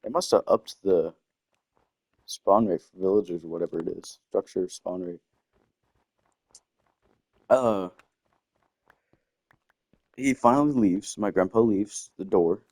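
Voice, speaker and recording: Rambling young man, low and dry. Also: takes it slowly, long pauses, darkish tone, no echo. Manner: rambling, self-interrupting with game asides. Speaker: gaming storyteller. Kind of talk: casual storytelling over gameplay. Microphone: desktop microphone.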